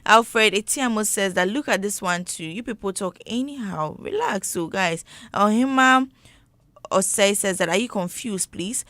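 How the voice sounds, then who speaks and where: A woman's voice: mid-range voice, normal speed, a bit bright, no room sound. A woman co-hosting a morning radio show, reading listener comments with playful asides. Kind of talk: casual morning radio chat.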